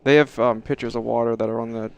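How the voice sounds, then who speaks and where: Male co-host, gravelly but smooth voice, wry deadpan banter. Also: medium pitch, quick pace. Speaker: prosecutor and regular co-host. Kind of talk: casual chat.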